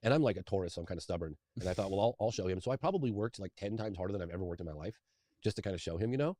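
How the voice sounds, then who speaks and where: A man's voice: low voice, lively intonation, racing, warm tone. A man in his fifties, a documentary filmmaker, telling a long personal story as an interview guest in a rambling, eager way, often restarting his sentences. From England.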